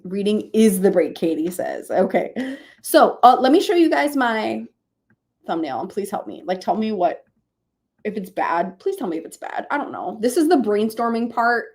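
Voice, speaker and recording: A woman's voice: mid-range voice, darkish tone. A sleepy woman hosting a live stream, chatting casually with viewers, thinking aloud and laughing often. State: sleepy, yawning. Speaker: streamer hosting reading sprints.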